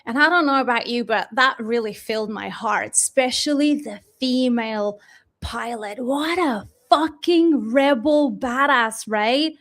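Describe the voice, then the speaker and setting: A woman's voice: fairly high pitch, a little slow, fairly bright tone. A woman hosting a live online class from home, chatting casually with viewers and swearing now and then. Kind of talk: casual live-stream chat. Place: home, in Dubai. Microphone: desk mic, sometimes moving away from it.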